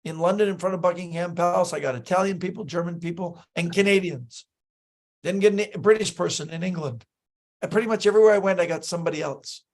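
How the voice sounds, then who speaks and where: A man's voice: high voice, quick pace. A man in casual chat, telling travel stories as a magician, acting out quoted lines with many fillers and restarts.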